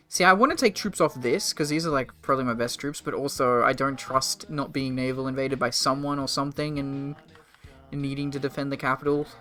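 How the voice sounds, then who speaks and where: A man's voice: medium pitch, bright, forceful tone. A man in his twenties casually commenting on a strategy game during a live stream, rambling and swearing. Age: 20s. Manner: rambling, profane, joking with chat.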